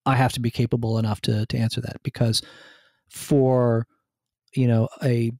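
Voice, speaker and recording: A man's voice: mid-range voice, level tone, moderate pace, mellow, dry recording, studio quality. A man from New Jersey, a guest on a podcast interview, talking enthusiastically and rambling with many restarts. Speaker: guest, food writer and hunter.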